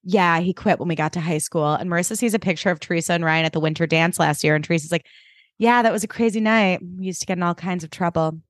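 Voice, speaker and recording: A woman's voice: on the low side, fast talker, no room sound, studio quality. A woman co-hosting a podcast, retelling plot points in casual chat, full of "like". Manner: conversational storytelling, frequent "like". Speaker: podcast co-host.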